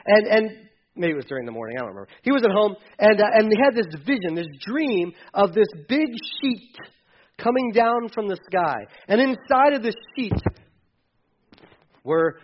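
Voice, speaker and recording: High-voiced man preaching casually. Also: expressive, normal speed, muffled recording. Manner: conversational, acts out quotes in casual voices, many restarts. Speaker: pastor. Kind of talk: sermon.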